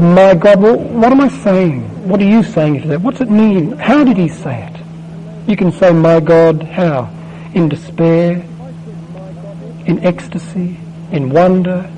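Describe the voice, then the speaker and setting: A man preaching a sermon, asking the listeners question after question and swelling louder on key words. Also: high-pitched, low-quality recording.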